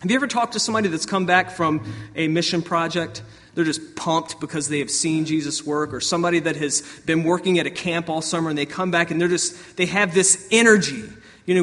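High-voiced preaching man in a reverberant hall. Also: normal speed. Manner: animated preaching with sudden outbursts and soft asides. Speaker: pastor. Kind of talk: sermon.

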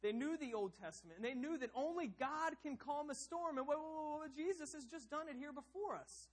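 A man preaching a sermon as pastor, swinging between loud, emphatic passages and hushed, quiet ones. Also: extremely high pitch, expressive, fairly quick, low-quality recording.

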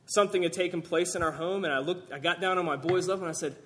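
A man delivers a sermon from the pulpit in a fairly high voice. He preaches with animated energy, rising sharply for emphasis and then sinking to quiet, low remarks. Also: fast. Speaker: pastor.

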